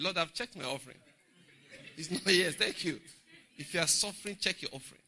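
A middle-aged man with a Nigerian English accent preaching a humorous, animated Bible study sermon in church. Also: a little high, fast talker. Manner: humorous, laughing, animated storytelling. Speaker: pastor.

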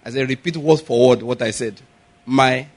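A male pastor giving a sermon, asking the congregation questions, having them repeat after him, and rising to loud, emphatic preaching. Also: mid-range voice, a little fast, a little hiss or hum.

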